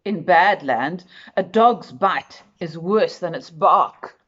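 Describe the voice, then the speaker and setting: A woman's voice: lowish voice, slow pace. Woman reading a kids' storybook aloud, sing-song up and down, kinda dull lo-fi sound. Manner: expressive, speaks to the listener directly. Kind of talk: children's picture-book read-aloud.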